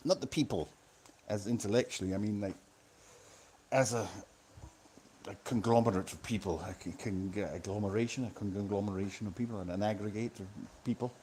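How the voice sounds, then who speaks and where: A man's voice: lowish voice, brisk, pauses often, warm tone, a little hiss or hum. A man rambling through a live stream monologue in a sweary, self-mocking way, talking close into a phone. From Scotland. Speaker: vlogger. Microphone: phone held close to the mouth.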